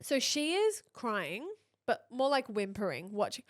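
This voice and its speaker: Lively high-voiced woman. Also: a little slow. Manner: animated, laughing storyteller acting out quotes. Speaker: podcast co-host. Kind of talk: casual storytelling chat.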